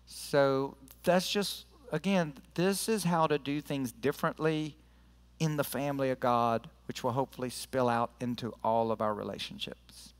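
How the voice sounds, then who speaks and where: A male pastor delivers a sermon in a church sanctuary, talking in a relaxed, conversational way. His voice is smooth and resonant, with a middle pitch. He is earnest as he leads his congregation through prayer and scripture. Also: moderate pace, big-room sound.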